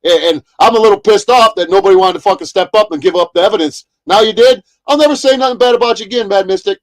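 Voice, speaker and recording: A man's voice: sits high, quick pace. A man ranting heatedly on a livestream, profane and repetitive. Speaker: streamer. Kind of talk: angry livestream rant.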